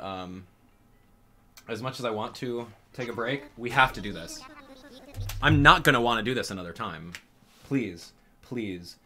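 Addressing his audience head-on, a man commentates live on a game for his channel, sounding exasperated and animated. He has a mid-range voice.

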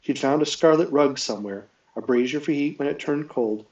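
A man reading a novel aloud live, telling it at a steady pace with small self-corrections. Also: fairly high pitch, a little fast, recorded from a distance, highs cut off. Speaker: reader.

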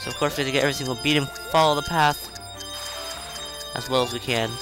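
A man casually commenting on a video game as he plays, chatty and rambling, with self-mocking asides and excited outbursts. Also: mid-range voice, fast talker. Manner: excitable outbursts during play. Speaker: video game let's-play host. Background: faint game music.

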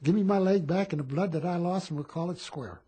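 A man in his eighties, a war veteran telling stories in a rambling, animated way at a home interview. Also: sits high, fast. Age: 80s. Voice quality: very husky. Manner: rambling, animated storytelling with repeated phrases.

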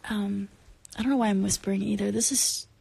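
On a late-night livestream indoors at home, a tired singer who skipped sleep reads fans' comments, rambling and giggling, dropping into whispers at times, with the phone camera close. She has a medium-pitched, mellow voice with fairly even intonation, vocal fry and a breathy edge, speaks briskly, and there's no echo.

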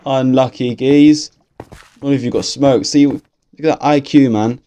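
A young English man giving casual, excitable gameplay commentary from his bedroom, swearing constantly and talking to himself. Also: mid-range voice, normal speed. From England. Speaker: gaming youtuber. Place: bedroom at home.

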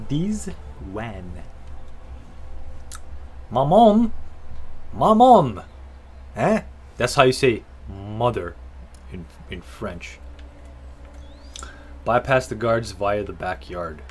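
A man's voice: on the low side, slow, long pauses, slight background noise. A man doing casual, foul-mouthed let's-play commentary, joking and talking to himself and the game. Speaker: gaming video host.

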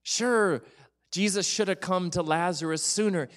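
Male pastor, sermon, chatty and playful, sinks to hushed whispers on key points. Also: on the high side, moderate pace. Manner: drops to a soft whisper for emphasis; lively, conversational, sometimes joking.

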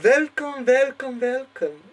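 Crazy german professor guy, put on by a young man, high squeaky voice, keeps yelping. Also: lively intonation, slow, exaggerated voice, low-quality recording. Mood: excited. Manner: shrill, theatrical, bursts into cries. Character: excitable German male mad professor inventor.

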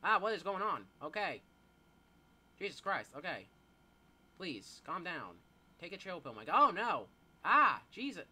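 A teenage boy giving live gameplay commentary, excitable, yelping and swearing as things happen. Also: fairly high pitch. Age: teens. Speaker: gamer.

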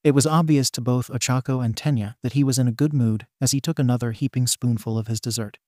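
Dry, steady male storyteller. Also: medium pitch, fast, no room sound. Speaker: fan fiction reader. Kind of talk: storybook narration.

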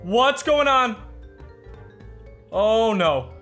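A man's voice: sits high, normal speed, a bit bright, faint music behind. A man giving panicky, joking commentary over a game he is playing. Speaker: gaming YouTuber. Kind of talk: let's play commentary.

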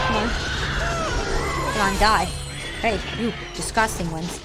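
A woman playing a video game, reacting excitably and cheering on the character. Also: medium pitch, unhurried, pauses often, low-quality recording. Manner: excitable, exclaiming, talks to the character. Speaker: gamer streamer. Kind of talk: live gameplay reactions. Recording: voice over loud game music.

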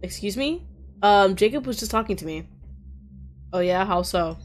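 A woman playing a visual novel, reading its lines aloud and breaking off into loud reactions and laughter. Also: on the low side, expressive, normal speed, soft background music. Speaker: gaming streamer.

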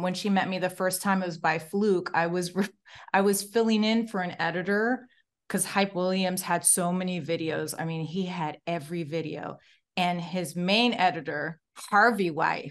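Animated woman from Morocco telling stories. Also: fairly low pitch, normal speed. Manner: animated, acts out quoted voices, laughs while telling. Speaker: guest, film director. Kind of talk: casual storytelling interview.

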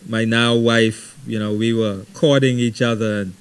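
A middle-aged man leading a Bible study, teaching conversationally with lively stories and frequent "right?". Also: medium pitch, a little slow, clean tone. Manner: animated storytelling, frequent ums and repeated "right?".

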